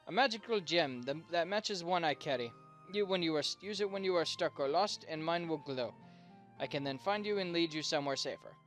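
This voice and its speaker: A man's voice: on the high side, animated, a little fast, fairly bright tone, faint music behind. A man voicing a humble, polite female trader in a video game, speaking in stiff, formal phrases with a vague foreign lilt. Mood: courteous. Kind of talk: reading game dialogue aloud.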